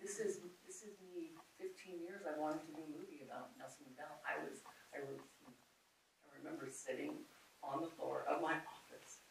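A woman film producer telling a personal story on a conference panel, candid and animated, quoting others as she goes. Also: low-pitched, moderate pace, vocal fry. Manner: candid, animated, quotes others in her retelling. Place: conference auditorium. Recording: echoey hall, far from the mic, faint noise.

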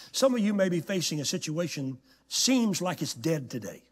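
A male guest preacher tells stories in an animated, dramatic sermon. His husky voice sits high and swings widely in pitch. Long reverb from the church hall trails after his words. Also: brisk, few pauses. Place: church sanctuary.

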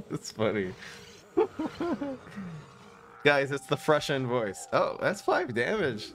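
Excitable male game streamer, lively pitch. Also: slow pace, pauses often. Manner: excitable, laughs often, talks to chat. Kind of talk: live-stream gameplay commentary.

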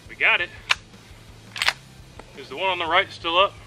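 Over loud music, the high-pitched host of a shooting channel talks through his shots at an outdoor range in a casual vlog. His commentary between shots is relaxed and at normal speed, though he sometimes sounds out of breath.

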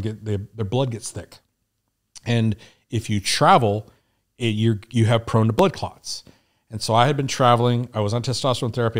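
A middle-aged man, a podcast guest, candidly telling a story with frank, profane, animated retelling. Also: mid-range voice. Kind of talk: casual storytelling.

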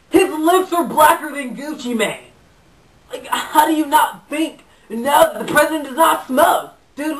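A woman's voice: high voice, a bit bright, exaggerated voice. A woman playing a young stoner surfer guy who delivers pizza, talking in a laid-back, profane way full of dude and bro. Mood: defiant, worked up. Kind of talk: comedic character monologue. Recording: echoey room, voice far from mic.

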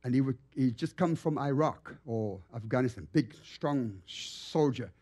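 A man preaching in a church as a guest evangelist, telling stories with lively, acted-out animation. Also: medium pitch, measured pace. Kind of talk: storytelling sermon. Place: church sanctuary.

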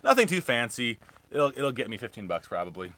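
A man's voice: mid-range voice, big pitch swings, a little fast, a bit bright. A young man rambling casually through a live thrift haul as a reselling vlogger. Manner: rambling, chatty, restarts often.

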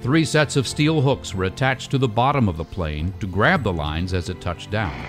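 A man reading scripted documentary narration in a measured storytelling delivery. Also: fairly low pitch, animated, faint music behind.

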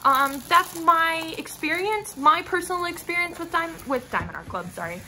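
A woman's voice: very high voice, expressive, normal speed, pushed and bright, a little hiss or hum. A young woman vlogging a craft unboxing, frustrated, sighing and rambling with restarts. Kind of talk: casual unboxing vlog.

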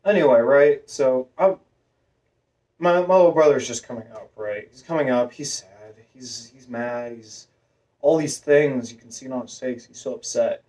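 A man's voice: mid-range voice, moderate pace, a little mellow. Guy rambling through a personal storytime vlog, lots of um and like, mic kinda far off. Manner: rambling, many fillers and restarts. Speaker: vlogger.

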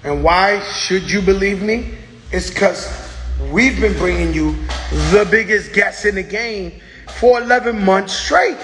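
A man hosts his own talk show and tells stories in a brash, profane, boisterous way. His voice sits fairly high and he takes his time with the words. The sound is roomy, with a long reverberant tail. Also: unhurried, fairly bright tone. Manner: boisterous, profane storyteller who acts out quotes. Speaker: host. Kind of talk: casual monologue to viewers.

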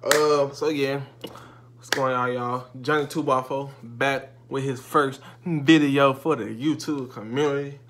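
A man's voice: medium pitch, fairly even intonation, unhurried, a bit bright. Hyped young guy on a food vlog. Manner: loose, chatty slang, hyped. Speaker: YouTuber doing a food review. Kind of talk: casual mukbang vlog.

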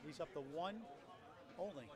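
A man giving live play-by-play on a bowling match, rattling off scores and plugging the channel. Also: a little high. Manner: rapid score calls, lively promo plugs. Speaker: play-by-play commentator. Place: bowling alley. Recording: loud crowd in a bowling hall.

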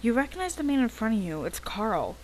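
A woman's voice: medium pitch, big pitch swings, normal speed, a little mellow, slight background noise, rough recording. Casual woman gamer reading game text. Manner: casual, chatty. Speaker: let's play gamer.

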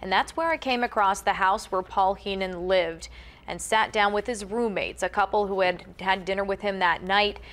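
A woman news reporter delivering a scripted report in an earnest, steady way. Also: mid-range voice, normal speed.

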